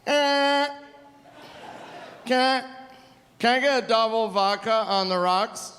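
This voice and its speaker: A comedian acting out a very drunk male traveler at an airport bar, high and slurring. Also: slow, a bit bright, big-room sound, full character voice. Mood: sloppy drunk.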